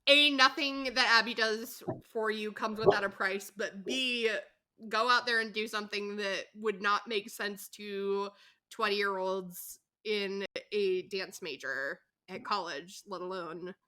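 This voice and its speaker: A woman's voice: medium pitch, fairly even intonation, unhurried, sharp tone. A woman co-hosting a podcast, recapping a TV show in casual chat, candid and exasperated, swearing and laughing as she goes. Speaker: podcast co-host recapping episodes.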